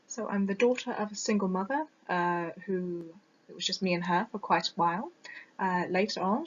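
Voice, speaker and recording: A young woman, a recent teaching graduate, giving a reflective, self-deprecating personal video monologue. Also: medium pitch. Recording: dull lo-fi mic that clips on loud moments.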